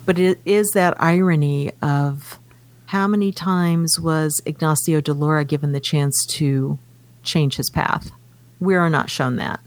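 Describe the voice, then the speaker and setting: A woman's voice: low voice, fairly even intonation, measured pace. A woman co-hosting a casual book discussion, reading passages aloud from the novel between her comments. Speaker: podcast co-host.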